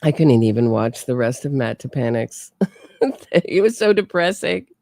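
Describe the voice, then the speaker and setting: A woman's voice: extremely low pitch, lively intonation, normal speed, creaky, a little mellow, dry recording. A woman hosting a true crime livestream, chatting casually and answering her viewers. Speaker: true crime podcast host.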